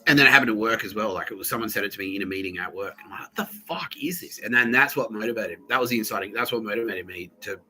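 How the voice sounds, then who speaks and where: Racing along with few pauses, this Australian-accented podcast host in his thirties spins a profane, rambling story as a casual monologue. His lowish voice bursts into animated impressions of others, captured on a low-quality recording.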